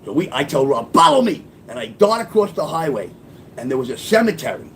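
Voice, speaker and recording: A man's voice: mid-range voice, big pitch swings, fairly quick, a little hiss or hum. A man telling a personal story in a casual, profane, punchy street-talk way. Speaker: storyteller and author.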